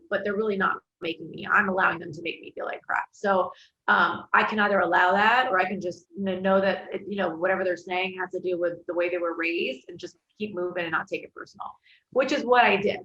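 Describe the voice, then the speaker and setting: A woman, originally from England, talking as a TV host guest in a relaxed interview, chatty and full of "like" and "you know". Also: mid-range voice, fairly quick. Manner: chatty, laughs easily, lots of "like" and "you know". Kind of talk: casual interview storytelling. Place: home in Florida. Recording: echoey, slightly dull video call audio.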